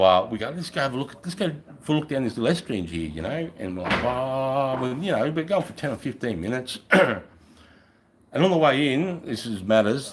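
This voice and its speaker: An Australian man, a middle-aged army veteran, telling war stories on a live stream in a casual, profane, animated way. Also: lowish voice, rough recording. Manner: profane, animated, acts out voices. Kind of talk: casual storytelling.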